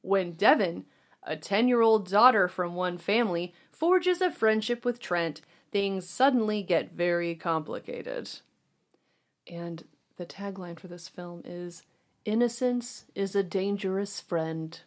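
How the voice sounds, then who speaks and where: A woman's voice: mid-range voice, animated, unhurried. A woman hosting a casual film podcast, chatting with friends, laughing often and reading out a synopsis. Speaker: podcast host.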